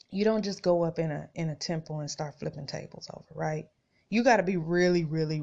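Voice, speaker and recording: Heard through a dull lo-fi recording, this podcast host has a deep, slightly mellow voice with vocal fry. She reads scripture, talks chattily to her listeners as "y'all," and repeats phrases to drive points home.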